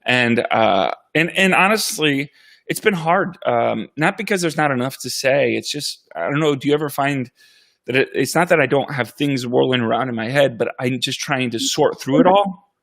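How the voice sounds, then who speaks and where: Reflective man pastor, halting speech. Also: mid-range voice, expressive, vocal fry, fairly bright tone. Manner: reflective, halting with many restarts. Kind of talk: casual conversation.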